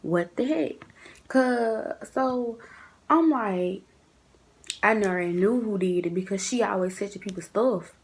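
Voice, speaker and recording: A young woman telling a story in a casual vlog, chatty and animated, acting out what people said. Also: medium pitch, unhurried, husky. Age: young adult. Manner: chatty, animated, acts out quotes in shifting voices.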